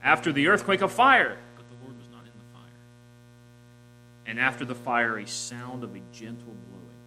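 A man preaching a sermon, reading scripture aloud and swinging from loud emphasis to soft, quiet lines. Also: medium pitch, expressive, moderate pace, soft background music, poor audio. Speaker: pastor.

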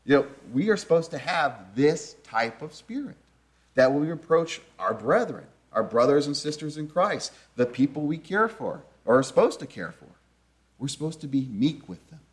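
A man's voice: a little high, big pitch swings, normal speed. A man preaching a sermon in an earnest, conversational teaching manner, often asking his listeners rhetorical questions.

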